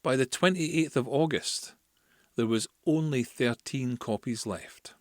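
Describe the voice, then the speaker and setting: A Scottish man with a voice of ordinary pitch talks through a history topic as a podcast host. His delivery is casual and chatty, full of asides. The recording is dry and close, with no room sound. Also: a little slow, dry recording. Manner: chatty, explains with asides and fillers.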